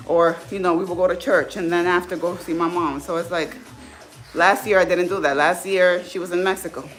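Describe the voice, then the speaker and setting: A woman's voice: fairly low pitch, steady tone, brisk. A woman in her thirties speaking candidly and from the heart in a casual livestream, as a fitness vlogger. Faint music plays behind her. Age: 30s.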